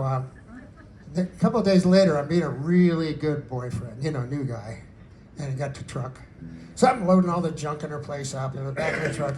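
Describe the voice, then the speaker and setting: A man's voice: on the high side, a little mellow, a little hiss or hum, low-quality recording. A man who sings his own country songs to guitar and then tells their stories in a chatty, laughing way, at a book release party. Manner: chatty, laughing storyteller with fillers. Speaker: singer-songwriter telling song stories.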